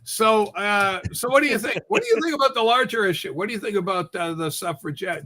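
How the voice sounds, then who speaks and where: Man, very high voice, sharp tone, crude mocking livestream banter. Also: animated, brisk, slight background noise. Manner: loud, profane, mocking. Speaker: political livestream co-host.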